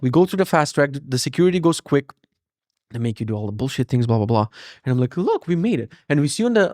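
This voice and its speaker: A man in his thirties hosting a podcast, telling a story as a casual rant, animated, cursing freely and mocking himself. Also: medium pitch, dry recording, clean studio sound. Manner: animated, profane, self-mocking. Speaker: podcast host.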